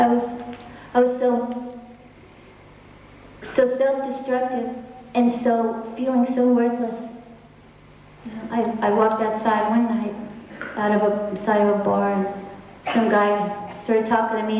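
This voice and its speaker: A woman singer talking to her audience between songs, in a halting, heartfelt way with many restarts. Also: mid-range voice, mellow, muffled recording, slight background noise. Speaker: singer on stage. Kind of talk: stage talk between songs. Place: concert hall. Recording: echoey hall from far off.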